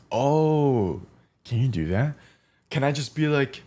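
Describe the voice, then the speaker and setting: A young man streams himself cooking, talking casually in a mid-range, darkish voice with lively intonation. He speaks slowly with long pauses, swears bluntly, and hums little tunes between stories.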